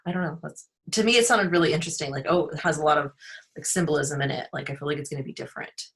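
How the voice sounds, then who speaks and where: A woman's voice: sits low, very fast. A woman in casual video call chat with her book club, rambling and searching for words.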